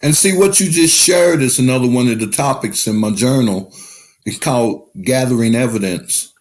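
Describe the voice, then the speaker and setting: Guy on a podcast telling his recovery story, middle pitch, blunt, curses a lot. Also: moderate pace. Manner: candid storyteller, swears freely. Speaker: podcast guest. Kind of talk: casual recovery podcast talk.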